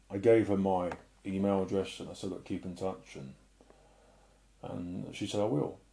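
A middle-aged man sharing an emotional personal testimony and preaching in an earnest way, often sinking to a soft murmur. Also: sits low, creaky. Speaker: Christian speaker.

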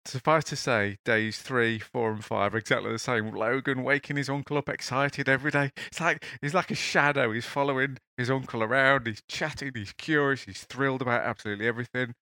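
A man hosting a podcast, chatty and animated, telling a story off the top of his head. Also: medium pitch, fairly quick, hardly any pauses, no room sound, clean studio sound. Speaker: podcast host. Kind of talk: casual podcast talk and storytelling.

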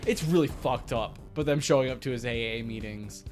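A man talking loosely on a podcast, drifting from thought to thought and cursing easily. His pitch sits in the middle for a man. Clear guitar music plays under his voice. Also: a little fast. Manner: laid-back, rambling, swears freely. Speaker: podcast co-host. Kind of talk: casual chat.

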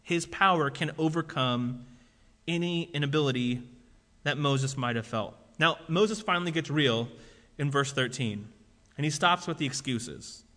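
A man's voice: a little high, a little slow, pushed and bright. A man preaching a sermon as a pastor, talking casually with lots of fillers and asides. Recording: long reverb of a large hall.

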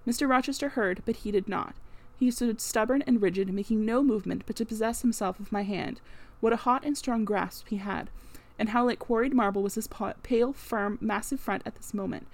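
A woman narrating a classic novel in an even, unhurried storytelling voice. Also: a little high. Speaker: audiobook narrator. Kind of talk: scripted narration.

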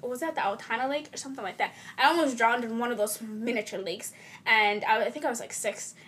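A woman's voice: on the high side, fast, a crowd in the background. A young woman chatting casually, candid and self-mocking. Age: young adult. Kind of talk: casual chat.

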